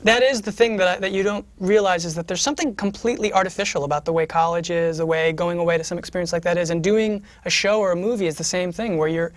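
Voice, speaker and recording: A man's voice: high voice, fairly even intonation, fast talker, hardly any pauses, no echo. A man in an interview, reflective and analytical about close working bonds.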